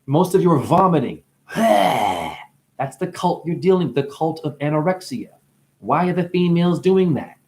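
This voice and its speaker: A man's voice: on the high side, big pitch swings, normal speed, darkish tone. A man giving a rambling spiritual monologue, free-associating with wordplay, swearing often and breaking into laughter. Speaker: self-styled spiritual teacher.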